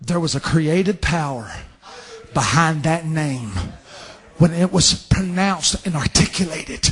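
A man preaching a fervent sermon, dropping to hushed asides and rising to shouted scripture. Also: a little high, a little slow, breathy edge.

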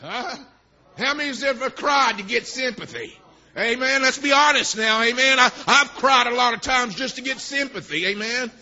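A man preaching a sermon, dropping "amen" between phrases and swinging from quiet talk to shouting. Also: very high voice, normal speed, highs cut off.

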